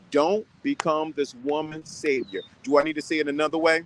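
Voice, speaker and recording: A man's voice: fairly high pitch, moderate pace, hardly any pauses, background noise. A man giving casual advice to viewers, talking sternly and repeating his points with lots of restarts. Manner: rambling with many restarts.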